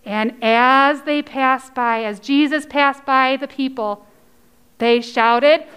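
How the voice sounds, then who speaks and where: A woman leading a children's message at church, telling a story with excited cheers and coaxing the kids to join in. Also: high voice, slow, smooth. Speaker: children's sermon leader.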